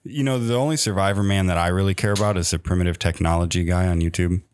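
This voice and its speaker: A man's voice: low-pitched, fast talker, clear, resonant tone, no echo. A man co-hosting a casual podcast chat, telling rambling stories in a laid-back way. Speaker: podcast co-host.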